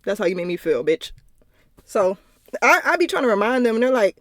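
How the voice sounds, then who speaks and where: A young woman on her home-recorded podcast rambles through personal stories, swearing casually and laughing in asides. She talks a little fast in a mid-range voice with big pitch swings and long pauses, and crowd noise is audible.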